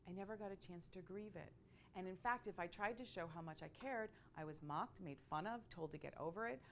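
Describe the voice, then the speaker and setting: A woman telling a personal story in a conversational, expressive way, with frequent asides to her listeners. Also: lowish voice, fairly quick, a little hiss or hum. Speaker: speaker sharing a personal story.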